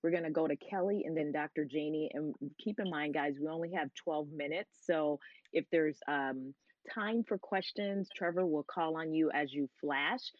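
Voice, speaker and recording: Upbeat woman moderator, low voice. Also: moderate pace, dry recording, muffled recording. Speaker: panel moderator. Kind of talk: casual hosting.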